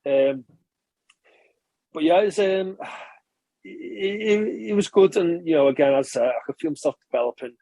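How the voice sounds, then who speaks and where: A man, a former rugby player, telling stories in a relaxed interview and chatting casually with frequent swearing and restarts. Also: fairly high pitch, unhurried, creaky, pauses often, dry recording. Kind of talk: casual conversational storytelling.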